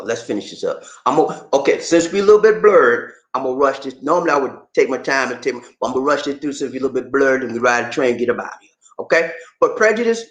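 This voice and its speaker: A man hosting his own show, explaining things to viewers casually in an animated, playful way and teasing the audience. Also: medium pitch. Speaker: host. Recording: echoey room.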